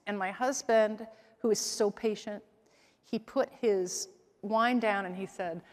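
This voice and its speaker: A woman's voice: medium pitch, unhurried. A middle-aged woman from the Midwest delivers a conference keynote, telling stories with energy and playing the people in them. Her voice sits in a middle range for a woman. The sound carries the long reverb of a big hall. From American Midwest. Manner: lively storytelling, acts out quoted voices. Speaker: keynote speaker. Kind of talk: keynote talk on stage.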